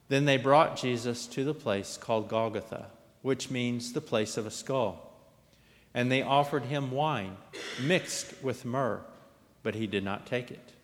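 A man's voice: mid-range voice, fairly bright tone. A man giving a liturgical scripture reading, dramatic in delivery and lifting his voice for the quoted lines. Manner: dramatic, lifts and raises voice for quoted speech. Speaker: scripture reader. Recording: long hall reverb.

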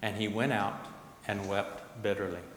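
A man narrating a scripture passage in a measured, solemn liturgical reading. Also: on the low side, fairly even intonation. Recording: echoey hall, long reverb.

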